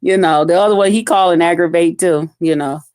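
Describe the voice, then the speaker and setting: Animated woman in a dry close recording. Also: on the low side, fairly quick, clear, resonant tone, no echo. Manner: animated storytelling, acts out quotes loudly, laughs often. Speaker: vlogger. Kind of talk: casual chat to viewers.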